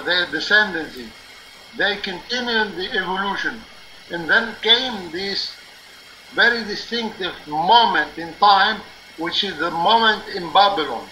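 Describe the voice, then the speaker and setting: A man hosts a live religious talk stream, his high voice strikingly bright to the point of piercing. He explains at length in an earnest, insistent manner, sprinkling in "uh" and "okay?", with a faint hum behind him and poor audio typical of a live stream or call-in line.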